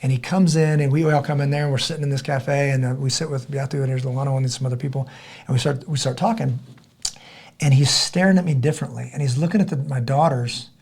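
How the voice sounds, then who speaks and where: This podcast guest, a middle-aged man, talks fast in a medium-pitched voice with a breathy edge. Animated in conversation, he narrates a story with frequent restarts and repeated words, voicing other characters as he goes.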